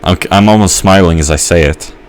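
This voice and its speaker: A man's voice: sits low, brisk, slight background noise. A young man giving a rambling let's-play commentary, musing and hesitant with many fillers and restarts. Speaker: gamer.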